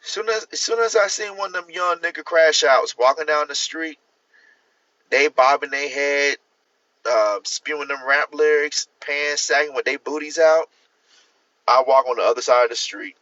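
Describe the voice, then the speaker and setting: Bright-voiced man ranting on a livestream. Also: a little high, moderate pace, no room sound, far from the mic. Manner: animated, laughing, acts out quoted voices. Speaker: livestream host. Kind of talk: casual livestream rant. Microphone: phone. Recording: dull lo-fi phone audio.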